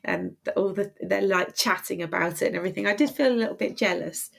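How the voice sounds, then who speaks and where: A woman co-hosting a casual chat podcast, talking through a stuffy cold, chatty and quick to laugh. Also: mid-range voice, vocal fry. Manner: chatty, laughs often, trails off. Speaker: podcast co-host.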